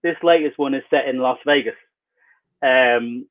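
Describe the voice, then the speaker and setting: A man's voice: medium pitch, unhurried. A man, an author, giving rambling, wry and self-mocking answers in a casual interview over a video call. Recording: tinny phone-like video call line.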